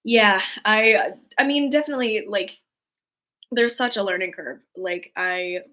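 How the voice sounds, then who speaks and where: A woman's voice: medium pitch, unhurried. A woman hosting a casual livestream, rambling with many fillers and restarts as she reads out chat messages. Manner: worries her flat delivery sounds sarcastic. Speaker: livestream host reading chat.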